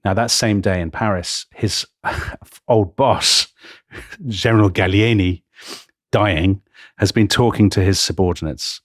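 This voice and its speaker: A man with a very low voice tells history with dramatic relish, chuckling now and then. The sound is dry and close, with no room in it. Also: a little slow, dry recording. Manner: dramatic storytelling, laughs often. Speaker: podcast co-host. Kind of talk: storytelling history chat.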